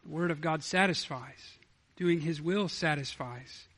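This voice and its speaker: A man's voice: fairly high pitch, measured pace, fairly bright tone. A male pastor preaching a sermon in an earnest way, often restarting and repeating words.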